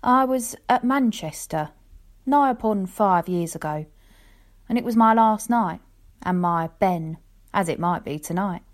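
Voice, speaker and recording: A woman voicing an old male lion tamer who tells a rambling, folksy tale in an unhurried way, as in a storybook reading. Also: medium pitch, natural voice.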